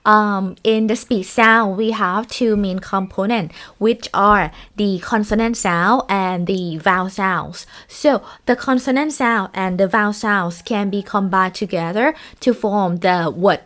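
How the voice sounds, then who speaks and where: A woman teaching a lecture, speaking in halting sentences with many fillers and restarts. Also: mid-range voice, a bit bright.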